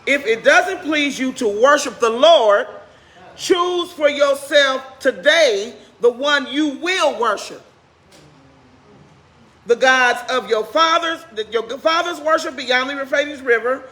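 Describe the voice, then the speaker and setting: A woman pastor preaching a sermon in a church, talking with the congregation and asking them questions as she goes. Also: high voice. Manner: animated, speeds up and slows down for emphasis. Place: church sanctuary. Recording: roomy church echo.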